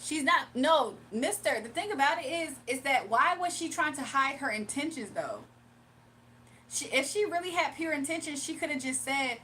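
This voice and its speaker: Livestream tarot host, woman, bright high pitch, animated and laughing, light background hum. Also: moderate pace. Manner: animated, laughs often, talks back to chat. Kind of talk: casual livestream chat.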